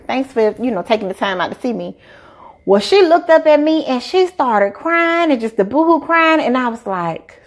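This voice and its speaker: Lady doc in her 30s, chatty and animated, does little voices in her stories. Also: on the high side, a little fast. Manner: animated storyteller, acts out quotes. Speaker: doctor giving health advice. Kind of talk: casual live-stream chat.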